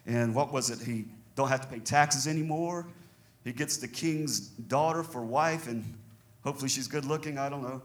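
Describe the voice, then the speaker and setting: A man with a Southern American accent, preaching a sermon as pastor in an animated way, chuckling between points. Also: medium pitch, moderate pace, slight background noise. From Southern United States.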